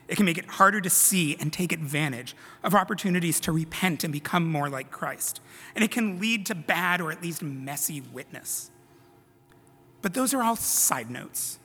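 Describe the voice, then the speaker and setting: Bright-voiced man preaching in a reverberant hall. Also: fairly high pitch, slightly rough. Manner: conversational, self-deprecating asides. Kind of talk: sermon. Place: church sanctuary.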